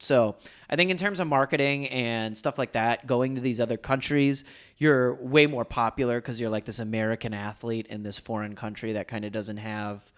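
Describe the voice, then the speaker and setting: A young man hosting a casual podcast, telling stories in a loose, joking way with frequent ums and uhs. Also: medium pitch. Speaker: podcast host.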